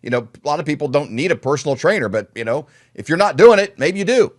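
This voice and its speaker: A man's voice: fairly high pitch, expressive, quick pace, dry recording, clean studio sound. A man co-hosting a business podcast, speaking casually and emphatically, with lots of fillers. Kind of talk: motivational podcast talk.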